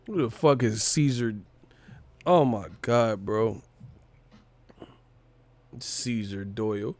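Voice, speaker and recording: A man's voice: on the low side, very slow, long pauses, a little mellow, dry recording, clean studio sound. A man hosting a livestream, reacting in casual, profane commentary with frequent incredulous laughter. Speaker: livestream host.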